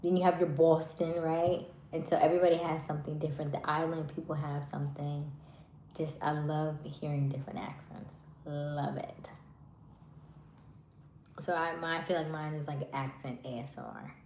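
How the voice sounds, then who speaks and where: Woman host, low voice, soft-spoken, trails off her words, chatty with fillers, echoey room, faint background hiss. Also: level tone, moderate pace. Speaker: live stream host. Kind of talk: casual chat with live viewers.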